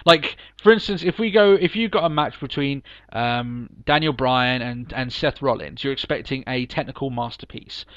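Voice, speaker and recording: A man's voice: mid-range voice, normal speed, few pauses, fairly bright tone, no echo. Chatty man on a dull, dry recording. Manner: chatty, emphatic, laughs often. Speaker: podcast co-host. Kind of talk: casual wrestling review chat.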